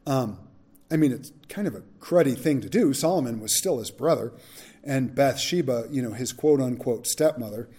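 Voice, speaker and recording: A man's voice: mid-range voice, expressive, moderate pace, mellow, slightly rough. A man teaching a Bible study, reading verses and adding casual, frank asides.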